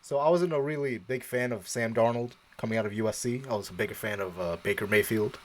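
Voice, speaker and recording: A man with a lowish voice co-hosts a live sports stream, talking at a quick pace over a slight hiss or hum. Chatting casually, he tells a story, acts out how he reacted back then, and laughs often.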